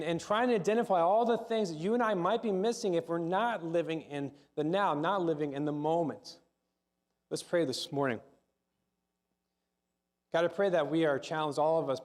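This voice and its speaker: Conversational middle-aged male pastor. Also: fairly high pitch. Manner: conversational, repeats words, asks the congregation questions. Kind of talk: sermon.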